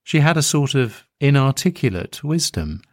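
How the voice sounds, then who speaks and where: A man narrating a first-person story in a slow, tender, reflective way. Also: mid-range voice, sing-song, no echo, studio quality.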